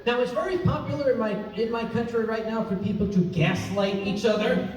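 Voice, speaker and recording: A man's voice: sits high, a little fast. A man telling a comic story live on a convention stage, chatty, self-mocking and prone to digressions. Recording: echoey hall, mic from far off, music. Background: soft instrumental music.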